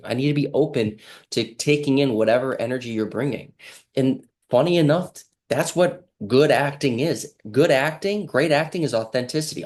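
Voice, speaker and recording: A man's voice: mid-range voice, a little mellow. Earnest rambling male healer. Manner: earnest, rambling, acts out quoted lines. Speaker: healing practitioner and host. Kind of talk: casual motivational monologue.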